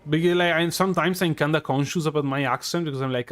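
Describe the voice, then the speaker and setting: A man's voice: a little high, steady tone, fast, a bit bright. A young Italian man with an Italian accent, chatting casually with his live-stream audience while gaming, hesitant and full of fillers. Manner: hesitant, many fillers and restarts.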